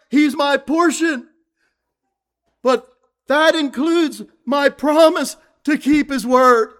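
With a slow delivery and a fairly bright tone, a male preacher reads scripture aloud. He earnestly restates his points and often lets his phrases fade into a low murmur.

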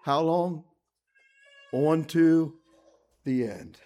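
Speaking extremely slowly in a mellow voice, a man delivers a sermon, reading scripture aloud. He repeats his points earnestly and frequently trails into a low murmur at the close of phrases.

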